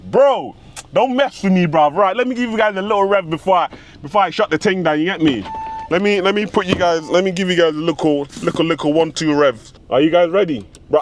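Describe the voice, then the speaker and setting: A young man, a car vlogger boasting loudly in street slang as he drives country roads, his voice going hoarse. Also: high voice. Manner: boastful, loud bursts of hype, street slang. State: losing his voice. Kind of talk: excited in-car commentary. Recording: car noise behind the voice.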